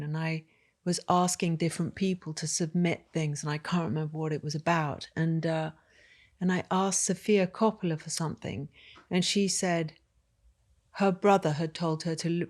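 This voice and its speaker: Host, woman, lowish voice, thoughtful rambling interviewer. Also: a little mellow. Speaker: podcast host. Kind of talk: interview conversation.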